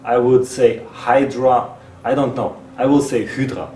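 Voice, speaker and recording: A man's voice: mid-range voice, fairly even intonation, moderate pace, mellow. A man who speaks natively, reading a text aloud with his own asides. He often halts, repeats words and restarts phrases. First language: Russian. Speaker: presenter. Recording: roomy, distant mic, faint hiss.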